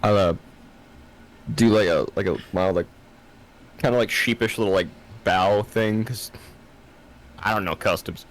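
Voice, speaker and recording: A man chats casually as a tabletop game player, loose and hesitant with many fillers. His voice is very deep. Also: measured pace, long pauses. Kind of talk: casual chat.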